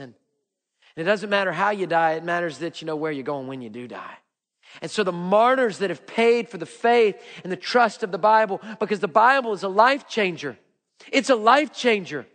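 Middle-aged guy preaching, gets loud then drops real quiet, high voice, big echoey church. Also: lively intonation, fairly quick. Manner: dynamic preaching, swings from loud emphatic repeats to hushed low lines. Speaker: pastor. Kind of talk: sermon.

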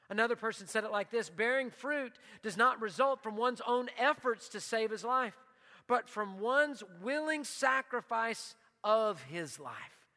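Emphatic preaching pastor in a reverberant hall. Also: male voice. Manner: emphatic preaching, drops to a hushed low voice for prayer; leads call-and-response repetition. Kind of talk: sermon.

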